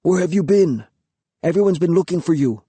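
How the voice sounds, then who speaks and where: A man reads a young warrior in a storybook, kind and patient. He speaks softly and calmly, with a low, hushed delivery. The recording is dry, with no room sound. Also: brisk, husky, no room sound. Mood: gentle. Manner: soft-spoken, calm.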